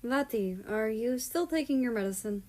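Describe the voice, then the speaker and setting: A woman voicing a gentle, caring young man in a read-aloud story, speaking softly and a little higher than her narration. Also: expressive, normal speed, lightly acted. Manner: soft, gentle.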